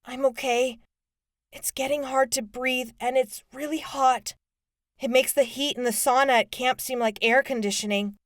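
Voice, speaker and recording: A woman voices a frightened teenage girl trapped in a fire, sounding strained and short of breath. Her high pitch sits above her own natural voice yet stays natural-sounding, with a steady tone at normal speed. The studio recording is clean, with no room sound.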